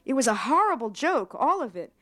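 Woman writer, literary reading, measured storytelling, slightly high voice. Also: very animated, bright, forceful tone. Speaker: writer reading her fiction.

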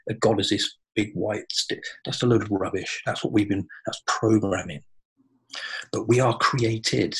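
Husky low-voiced man, earnest and reflective. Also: a little slow, low-quality recording. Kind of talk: spiritual conversation.

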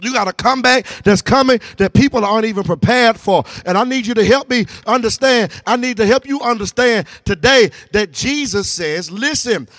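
High-voiced preacher man, shouting and intoning. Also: no room sound, clean studio sound. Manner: call-and-response preaching, repeats lines, swings from low to shouting and sing-song. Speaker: pastor. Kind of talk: sermon.

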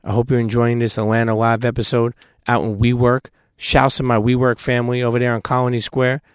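A man hosting a live podcast in front of an audience, telling rambling, animated, profane stories and taking questions. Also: medium pitch, a little fast, clean tone. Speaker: host. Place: live event space with audience.

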